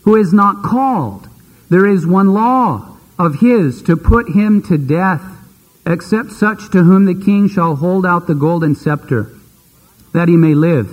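A man preaches in a lively, chatty storytelling way, his high, husky voice ringing through a large hall. A long reverb trails after each phrase. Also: dull audio. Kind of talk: sermon.

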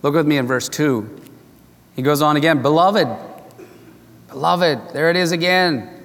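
A man's voice: fairly high pitch, fairly even intonation, moderate pace, a bit bright, in a large hall. An older man preaching as a pastor, telling a story in an earnest, conversational way. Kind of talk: sermon with storytelling.

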